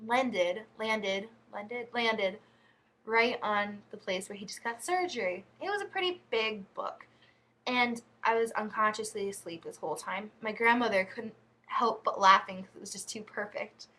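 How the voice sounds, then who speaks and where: A woman's voice: medium pitch, measured pace, sharp tone. A woman vlogging, telling embarrassing stories in a chatty, giggly, rambling way. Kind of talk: casual storytelling to camera.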